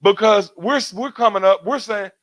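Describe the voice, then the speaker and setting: A man's voice: high voice, normal speed, fairly bright tone, no echo, poor audio. Preacherly man with a raised voice. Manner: preacherly, rhetorical questions, builds emphatic refrains. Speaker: radio show host. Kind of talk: community talk radio commentary.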